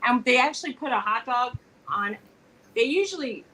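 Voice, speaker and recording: Woman, co-host, casual live-stream chat, animated storyteller, slight background noise. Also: a little high, normal speed, rough recording. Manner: chatty, animated storytelling with quoted dialogue. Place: home.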